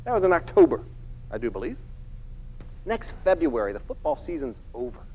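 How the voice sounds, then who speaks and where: A middle-aged man tells a story from the stage as a keynote speaker. His voice sits a little high for a man, and he acts out each person he quotes with lively energy. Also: a little fast, low-quality recording.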